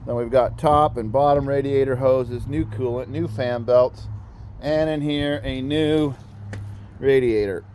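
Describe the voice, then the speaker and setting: A man's voice: mid-range voice, steady tone, unhurried, a little mellow, a little hiss or hum. A man, a father hosting a backyard mechanic channel, talks casually and jokes at his own expense while working on a car outdoors. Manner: chatty, joking, self-mocking. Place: outdoors in a backyard garage area, rain starting.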